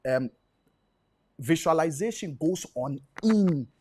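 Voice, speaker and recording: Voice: mid-range voice, expressive, slow pace, mellow, slightly rough. A guest explaining spiritual ideas patiently, often checking that the listener follows. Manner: patient teaching, checks understanding. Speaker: studio guest.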